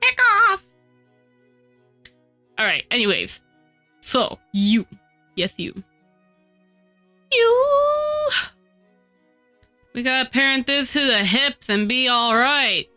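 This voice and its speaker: A woman streaming while she models in 3D, scolding her software in exasperated outbursts, her nose stuffy from a cold. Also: on the high side, a little slow, faint music behind. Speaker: VTuber streamer. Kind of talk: casual live-stream chatter while 3D modeling.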